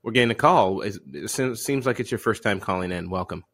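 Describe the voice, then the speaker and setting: A man's voice: on the low side, a little fast, a bit bright. A man co-hosting a comedy podcast, teasing his partner and judging his impressions with easy laughter. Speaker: podcast co-host. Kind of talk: casual comedic banter.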